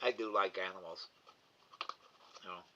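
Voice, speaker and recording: A middle-aged man chatting casually on a live stream, reading and answering viewers, talking slowly and haltingly with repeated words and sometimes getting emotional. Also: deep voice, fairly even intonation, bright, forceful tone. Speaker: live cam host reading chat. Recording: dull lo-fi stream audio.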